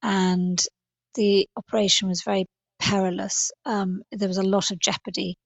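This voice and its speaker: A middle-aged woman, a podcast guest, talking in a thoughtful, halting way with many fillers and restarts. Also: mid-range voice, level tone, creaky, no echo. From England. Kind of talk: podcast interview.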